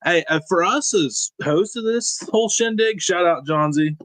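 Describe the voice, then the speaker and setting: A man co-hosting a casual food show, joking around and giving shout-outs. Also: high-pitched, moderate pace, dry recording. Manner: laid-back, joking, lots of shout-outs. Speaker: co-host. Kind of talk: casual chat.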